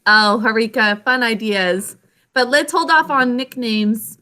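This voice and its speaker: A young woman teacher leading an online spelling lesson over a video call, clear and encouraging. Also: on the high side, measured pace, sharp tone.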